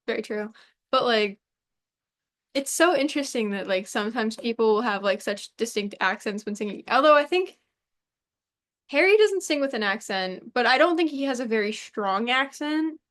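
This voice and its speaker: A young woman co-hosting a podcast, swapping stories in relaxed conversation. Her voice is somewhat high and animated, with quick asides and easy laughs. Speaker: podcast co-host. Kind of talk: casual chat.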